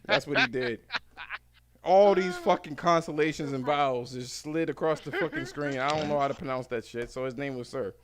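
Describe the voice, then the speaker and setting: A man hosting a podcast, telling a lively and profane story in casual chat. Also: on the high side, normal speed, a crowd in the background. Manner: profane, animated, acts out the people in his stories. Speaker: podcast host.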